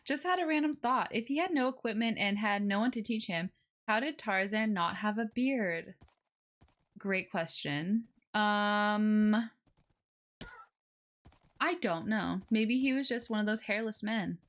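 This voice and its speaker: Chatty woman streamer, slow easy talk. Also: medium pitch. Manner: chatty, talks to chat and to her game animals, lots of little exclamations. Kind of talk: casual gameplay live stream chat.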